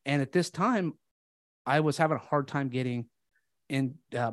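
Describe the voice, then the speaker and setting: This is casual storytelling conversation from a man guesting on a podcast, who recounts his experience with candor and earnestness while acting out what people said. The recording is clean studio audio without room sound, and his voice is mid-range.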